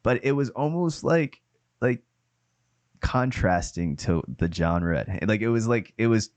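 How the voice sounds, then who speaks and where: A man co-hosting a film review podcast, speaking in a casual, halting way as he gathers his thoughts. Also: medium pitch, animated, a little mellow, no room sound. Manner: halting, lots of "like" fillers and restarts. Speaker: podcast co-host.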